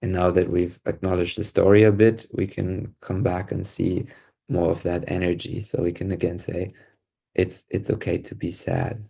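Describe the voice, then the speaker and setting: Low gravelly man gently guiding. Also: level tone, normal speed. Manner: gentle, encouraging, repeats short affirmations. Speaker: podcast co-host guiding an emotional release exercise. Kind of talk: calm guided facilitation.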